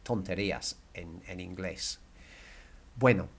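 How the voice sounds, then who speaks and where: A man teaching a recorded Spanish grammar lesson, patient and repeating words slowly for learners. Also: low voice, gravelly, a little hiss or hum.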